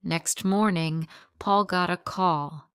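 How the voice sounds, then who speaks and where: A woman's voice: lowish voice, fairly even intonation, slow pace, smooth, no room sound. A woman narrating a first-person graded story for English learners in very simple, short sentences.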